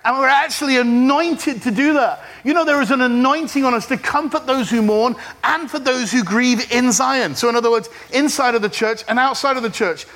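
A middle-aged man preaching a sermon to a church congregation, animated and humorous, with call-and-response. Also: very high voice, fairly quick, hardly any pauses. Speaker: pastor. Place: church service.

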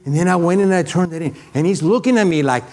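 Speaking in a high voice with a foreign accent, a middle-aged man delivers a sermon that includes a personal story. His animated telling is broken by frequent halting restarts.

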